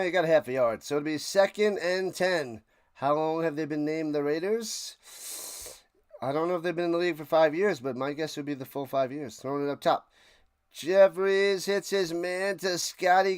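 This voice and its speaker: A man streaming a live watch-along, rambling between plays and shouting out big plays. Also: on the high side. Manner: rambling chatter with sudden shouted play calls.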